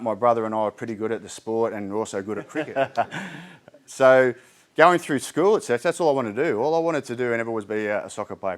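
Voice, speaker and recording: A man with an Australian accent giving a candid, chatty community talk on mental health, with frequent ums and restarts. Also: on the low side. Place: indoor community hall.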